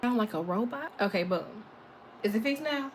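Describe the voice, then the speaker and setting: A woman's voice: on the high side, lively intonation, moderate pace, a little hiss or hum. A woman reading tarot on a casual live stream, sassy and playful, laughing often and slipping into silly voices for imagined people. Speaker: tarot reader.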